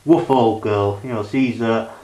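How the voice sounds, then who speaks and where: A man's voice: on the low side, fairly even intonation, unhurried, warm tone. A man, rambling through a casual review vlog of his DVD collection and leaning on "you know" and "like" fillers. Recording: echoey room.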